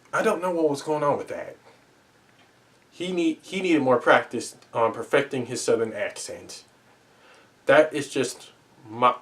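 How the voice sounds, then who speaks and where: A man giving a casual spoken movie review, talking earnestly, often repeating and restarting his words and making pleading asides. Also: mid-range voice.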